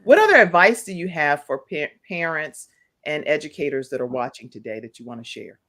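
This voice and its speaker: A woman hosting a live talk show, upbeat and encouraging, spelling out details slowly for her listeners. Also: low voice, lively intonation, a bit bright.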